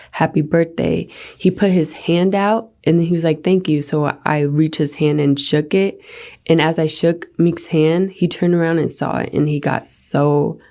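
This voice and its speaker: A woman's voice: low-pitched, mellow. A woman being interviewed, telling her story hesitantly with many fillers. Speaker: interview subject recounting an experience. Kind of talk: recorded interview.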